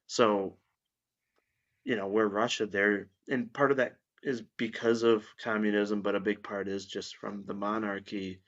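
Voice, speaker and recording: A low-pitched man talks bluntly and with strong opinions, dropping the odd curse as he chats on a podcast. His voice comes through a dull, lo-fi recording. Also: flat delivery, unhurried, a bit bright. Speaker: guest. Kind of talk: casual podcast chat. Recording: dull lo-fi sound.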